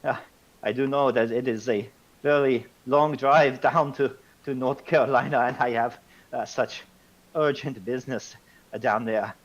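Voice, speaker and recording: A man voicing a stiff, formal male Austrian colonel with a put-on Austrian-German accent and halting, overly polite English. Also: mid-range voice, fairly even intonation, muffled recording, pitched above the performer's own voice, natural voice.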